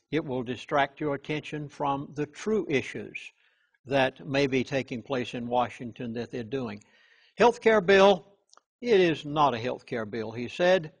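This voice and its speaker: A chaplain, male, speaks earnestly in an interview, leaning hard on key words and restarting haltingly. His voice sits at medium pitch with a creaky quality.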